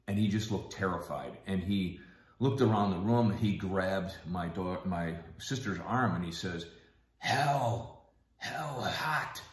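A man sharing a personal family testimony in a soft-spoken, halting way, with frequent pauses. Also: deep voice, echoey room.

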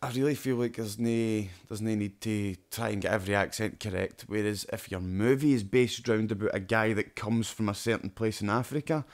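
A man's voice: lowish voice, fairly even intonation, brisk, few pauses. A Scottish man co-hosting a podcast in casual, sweary chat, tagging on "do you know what I mean" often. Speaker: podcast co-host.

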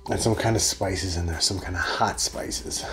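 A man's voice: low-pitched, normal speed, a bit bright, faint music behind. A man giving a chatty, rambling solo beer review.

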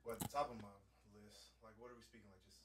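A man from California co-hosting a casual podcast chat, relaxed and often dropping into quiet asides. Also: mid-range voice, fast talker. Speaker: podcast co-host.

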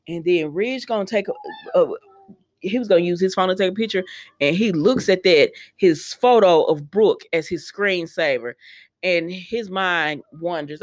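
A woman hosts a casual recap video. She retells each scene in a loose, chatty way, slipping into quick quoted voices. Sassy asides to her viewers keep breaking into the story. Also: lowish voice. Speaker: soap opera recap host.

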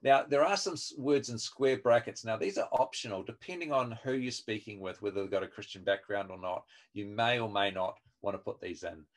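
Over a video call microphone, a man with a fairly low voice trains a group in an online webinar. He speaks slightly fast with hardly any pauses, friendly and chatty, with many fillers and restarts.

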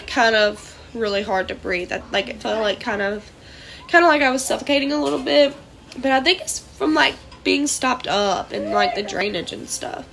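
Inside a small trailer, a young woman vlogs casually to camera while sick and congested, drifting from thought to thought with lots of fillers. She speaks at a medium pitch, a bit bright, with vocal fry.

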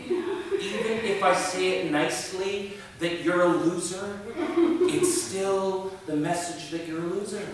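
A man preaching a humorous sermon as a pastor, poking fun at church habits with sarcastic, animated delivery. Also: sits high, a little slow, a little hiss or hum. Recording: echoey hall from far off.

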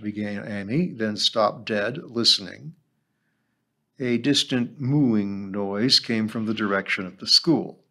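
A man hosting a book club program who reads a novel aloud with expressive storytelling. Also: lowish voice, slow pace. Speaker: host reading a novel aloud.

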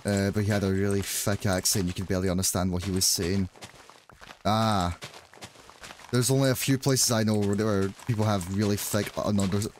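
A man's voice: fairly low pitch, fairly even intonation, moderate pace, darkish tone, slight background noise. A man with a Glaswegian Scottish accent chatting casually and joking with viewers while playing a game, rambling with frequent restarts. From Scotland. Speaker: livestreamer. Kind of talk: casual chat while gaming.

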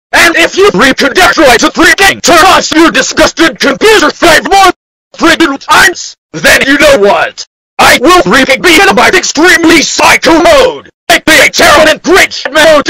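A man playing a furious cartoon dinosaur who yells without pause, spitting out chains of nonsense words. The voice is extremely high and piercingly bright, hammering every phrase. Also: no echo, exaggerated voice, poor audio. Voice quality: high, bright, shrill yelling TTS-style voice. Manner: screaming long strings of nonsense insults. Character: furious purple dinosaur error character, male, ranting nonstop. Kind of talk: fan-made text-to-speech error video.

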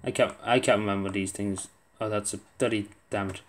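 A young man talking his way through a game in a casual commentary, half to himself. His voice sits a little low, and he mutters, grumbles and swears under his breath in a self-deprecating way. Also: fairly even intonation, a little fast, slight background noise. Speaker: gaming video creator.

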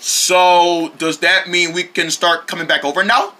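A performer doing lower-voiced scheming bug viruses. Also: little pitch movement, unhurried, sharp tone. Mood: hopeful.

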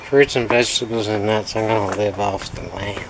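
A man with a fairly low voice rambles through a casual vlog, wandering off topic with wry, self-mocking asides. A loud air-conditioner hum sits under his voice. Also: fairly even intonation, fairly quick. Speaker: pool instructor.

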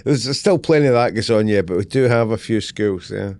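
A man's voice: on the low side, moderate pace, a little mellow. A Scottish man in his fifties, a guest author in casual interview chat, who laughs often and swears freely. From Scotland. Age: 50s.

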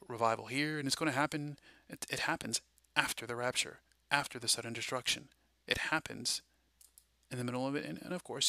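A man talks through a loose, preachy monologue, eager and rambling, full of fillers. His voice is very bright and keen-edged. The sound is dry and close, as in a small room. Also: mid-range voice, creaky, no echo. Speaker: Christian prophecy video host. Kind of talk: casual monologue.

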